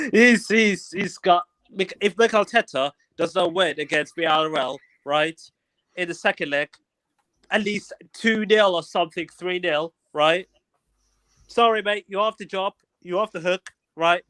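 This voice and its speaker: Laid-back London man with a high voice. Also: measured pace, a bit bright, clear, resonant tone, dry recording. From Somalia. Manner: laid-back, laughing, slangy. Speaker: stream guest. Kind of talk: casual chat.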